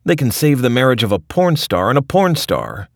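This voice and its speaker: A man's voice: lowish voice, very animated, fairly quick, no room sound, clean studio sound, pitched above the performer's own voice. A man voicing a cranky, sardonic old male mad scientist who rants and sneers, quoted in a read essay. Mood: ranting. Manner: ranting, sneering.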